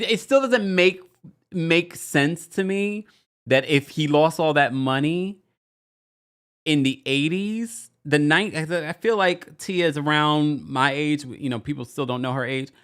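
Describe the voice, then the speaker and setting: A man in his forties hosting a podcast, chatting casually through a reality TV recap and reading out listener comments. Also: mid-range voice. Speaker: podcast host.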